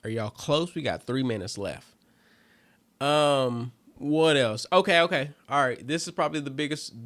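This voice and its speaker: A comedian hosts his own show, chatting loosely and casually to listeners, using lots of fillers and calling them family. His voice is medium in pitch, and the recording is dry.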